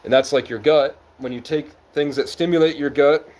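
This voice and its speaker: A young man with a fairly high voice, rambling loosely through a live stream from the woods at night and swearing casually. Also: steady tone, moderate pace, a little mellow. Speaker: livestreamer.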